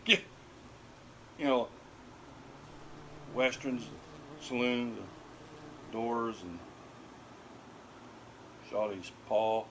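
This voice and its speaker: A man's voice: mid-range voice, drawn-out words, pauses often, fairly bright tone, a little hiss or hum. An older man telling corny dog jokes at home to his dogs, laughing at his own puns and then explaining them. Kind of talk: corny joke routine.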